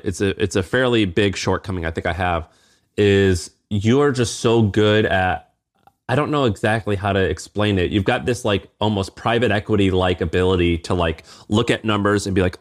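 Animated man in casual business chat. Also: lowish voice, fairly quick. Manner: animated, swears freely, voice jumps up when telling stories. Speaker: podcast co-host.

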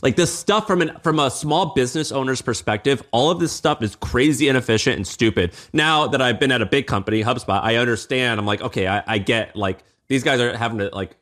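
Animated man in casual business chat. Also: medium pitch, brisk, few pauses. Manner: animated, swears freely, voice jumps up when telling stories. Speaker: podcast co-host.

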